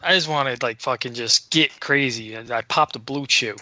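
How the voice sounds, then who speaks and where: A man co-hosting a podcast, telling a story in casual chat, excitable and full of swearing. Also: medium pitch, moderate pace, no room sound. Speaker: podcast co-host.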